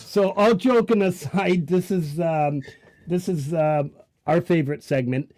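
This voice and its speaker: Slow-talking Canadian Italian man host. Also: a little high, a little mellow. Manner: joking, talks with many ums and pauses. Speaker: livestream show host. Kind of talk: casual live-stream chat.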